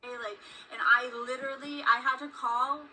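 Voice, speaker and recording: A woman recounting her own story in a rambling, halting way, with many fillers. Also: sits high, fairly even intonation, pushed and bright. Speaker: streamer telling her story. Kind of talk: recounting personal events. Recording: noisy played-back stream audio.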